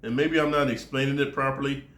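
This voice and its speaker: A man's voice: mid-range voice, steady tone, quick pace, a bit bright, roomy sound. An American man vlogging in a casual monologue, rambling and profane, constantly tossing in "dude" and "man". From United States.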